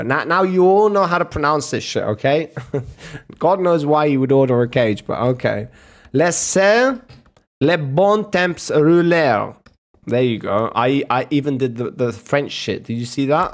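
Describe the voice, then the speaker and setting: A man streaming casual reaction commentary, swearing and mocking as he talks. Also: mid-range voice. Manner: profane, mocking, drawn-out.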